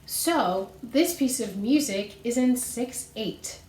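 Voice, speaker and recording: Patient woman teaching music slowly. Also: on the high side, animated, darkish tone, echoey room. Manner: patient, explains step by step and counts beats aloud. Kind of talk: recorded music lesson for children.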